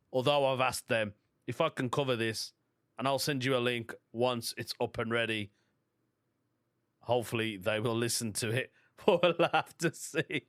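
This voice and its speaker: A man's voice: mid-range voice, fairly bright tone, no room sound, studio quality. A man with a Birmingham accent hosting a solo comedy podcast, chatty and self-amused, reading jokes aloud and laughing at them. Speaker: podcast host.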